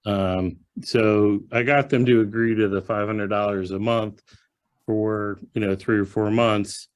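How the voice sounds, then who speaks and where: A man's voice: fairly low pitch, steady tone, unhurried. A man on a video call, a board member, explaining in a plain matter-of-fact way how he handled a negotiation. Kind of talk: business meeting discussion.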